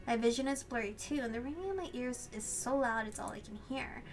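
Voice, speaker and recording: A woman reading a visual novel aloud and reacting in an excitable, gushing way, swearing and laughing at the story. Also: on the high side, fairly quick. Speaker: let's play host.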